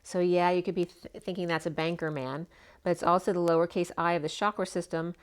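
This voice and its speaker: A woman giving a casual spoken tarot reading, chatty and meandering, her voice slightly hoarse. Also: fairly low pitch, steady tone, brisk. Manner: chatty, meandering, full of asides. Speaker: tarot reader.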